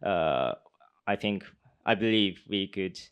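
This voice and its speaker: Slow, halting young man. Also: low-pitched, lively intonation, clear, resonant tone, highs cut off. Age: young adult. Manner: halting, many pauses and fillers. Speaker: speech contestant answering judges. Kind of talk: live Q&A answers.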